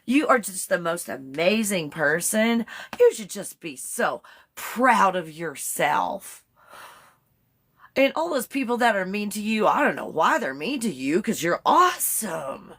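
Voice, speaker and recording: Gushing Valley Girl chatbot, high and slow, heaping on flattery, put on by a woman. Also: breathy edge, heavily acted. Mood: flattering. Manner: slow, sing-song, over-the-top flattery.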